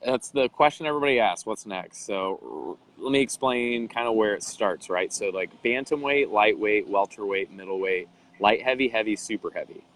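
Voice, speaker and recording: A man's voice: lowish voice, normal speed, a bit bright, a little hiss or hum, low-quality recording. A man being interviewed, telling a story animatedly and acting out the voices of people he quotes. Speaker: interview guest, bodybuilder.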